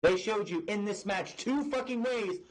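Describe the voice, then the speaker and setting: A high-sitting male voice moves at a moderate pace through poor audio. The speaker hosts a wrestling review, ranting in exasperation with profanity, fillers and frequent restarts.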